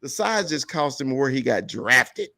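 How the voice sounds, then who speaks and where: A man's voice: medium pitch, sing-song, unhurried, gravelly, sharp tone. A man co-hosting a casual sports podcast, making his points emphatically. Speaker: podcast co-host.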